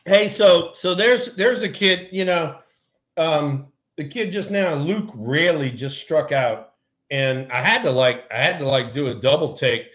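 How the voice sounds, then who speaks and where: Animated man telling ballpark stories. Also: a little high, unhurried, highs cut off. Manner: animated storyteller, laughs often. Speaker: co-host, former ballplayer. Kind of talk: casual baseball chat.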